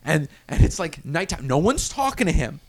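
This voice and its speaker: Male veteran guest, high and very lively voice, acts out the voices in his story, laughs a lot. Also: moderate pace. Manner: lively, acts out shouts and whispers, laughs often. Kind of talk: animated storytelling.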